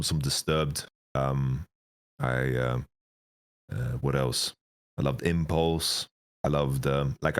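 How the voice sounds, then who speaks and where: A man in his thirties, a guest telling profane, rambling stories in a casual interview, his voice getting raspy. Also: a bass voice. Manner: rambling, profane, laughing storyteller. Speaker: esports coach, interview guest.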